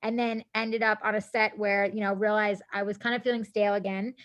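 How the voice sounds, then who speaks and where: A woman guest on a podcast, telling a story in casual chat, animated, laughing often and acting out what people said. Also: mid-range voice, fairly quick. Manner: animated, laughing, acts out quotes, casual swearing.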